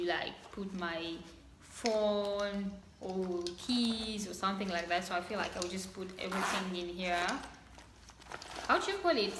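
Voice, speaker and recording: A woman's voice: mid-range voice, echoey room, background noise. A young woman from Congo doing a casual unboxing chat, bubbly and gushing, laughing often. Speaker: vlogger.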